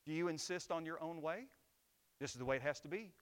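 A man's voice: on the high side, quick pace, smooth. A middle-aged man preaching a sermon as pastor, emphatic and asking the congregation rhetorical questions.

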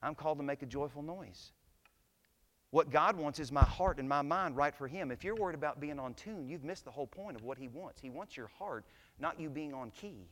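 A man delivering a sermon in a church, his voice bright and forceful. He talks plainly, then climbs to loud, impassioned peaks. A long reverb from the sanctuary trails after his words. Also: on the high side, lively intonation, brisk. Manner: preaching, swells to shouts at climaxes. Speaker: pastor.

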